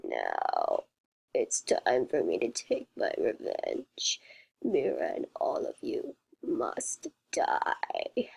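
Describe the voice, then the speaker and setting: A woman whispering as a deep monstrous villain. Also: huge pitch swings, creaky, darkish tone, slightly rough, heavily acted, rough recording. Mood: vengeful. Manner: slow and menacing. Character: monstrous vengeful male creature villain. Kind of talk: whispered role-play.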